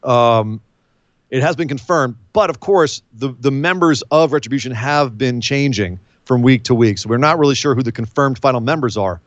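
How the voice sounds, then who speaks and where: A man's voice: mid-range voice, normal speed, no echo, muffled recording. A man co-hosting a casual wrestling podcast, joking and rambling as he recaps the week's shows. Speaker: podcast co-host.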